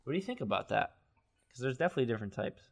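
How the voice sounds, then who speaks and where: A man's voice: mid-range voice, very animated, rapid-fire, vocal fry. A young man in his twenties, a podcast co-host, chatting casually and steering the talk to new topics. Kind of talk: casual chat.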